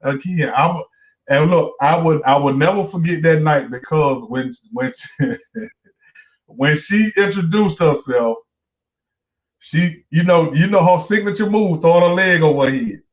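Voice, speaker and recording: Animated man spinning a story. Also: fairly high pitch, unhurried. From Monroe, Georgia, US. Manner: profane, animated, repeats words as he restarts. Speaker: comedian guest. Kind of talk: storytelling in casual interview. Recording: dull lo-fi recording.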